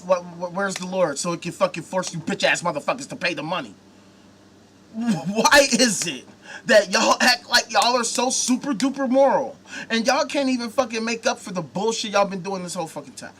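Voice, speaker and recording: A man's voice: sits high, moderate pace, a bit bright, a little hiss or hum. A man hosting a live talk show, ranting angrily and sarcastically with heavy swearing. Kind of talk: profane live-stream rant.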